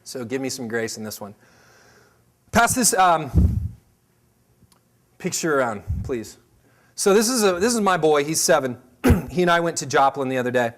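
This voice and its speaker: A man in his thirties leading a staff meeting, telling a personal story in a loose, animated way and acting out other people's voices. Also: fairly high pitch, normal speed, long pauses. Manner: loose and rambling, many fillers and restarts. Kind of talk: storytelling talk to a team meeting.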